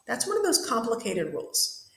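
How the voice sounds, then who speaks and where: A woman's voice: fairly high pitch, wildly swooping pitch, moderate pace, reverberant, low-quality recording. A woman teaching an English grammar lesson in a classroom, patiently repeating and spelling out words. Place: classroom with whiteboard.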